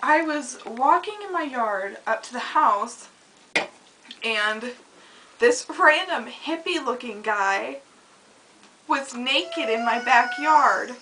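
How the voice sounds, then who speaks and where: A young woman chatting casually on a home video, telling stories with lots of giggling and loud acted-out quotes. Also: on the high side, animated, slow pace, distant mic, background noise. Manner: giggly storytelling, acts out quoted lines loudly. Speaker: vlogger. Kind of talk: casual chat.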